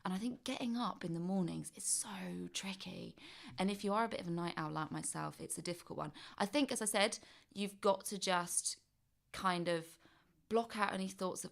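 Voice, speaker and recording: A woman's voice: mid-range voice, a little fast, vocal fry, a bit bright. A woman presenting a wellbeing slot on the radio, chatty and encouraging, laughing often as she gives tips to listeners. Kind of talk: casual radio chat.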